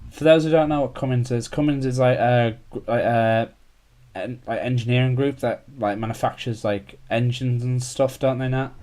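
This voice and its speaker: A man's voice: mid-range voice, fairly even intonation, moderate pace, a little mellow. A young man, chatting casually as a podcast host, rambling with lots of filler words. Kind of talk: casual chat.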